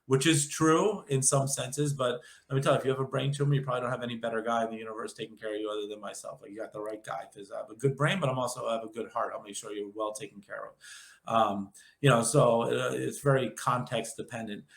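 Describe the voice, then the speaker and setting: Guest: quick, nasal New York man in his fifties, jokey rambler, roomy echoey sound. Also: medium pitch, steady tone, gravelly. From Long Island, New York. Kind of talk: casual interview chat.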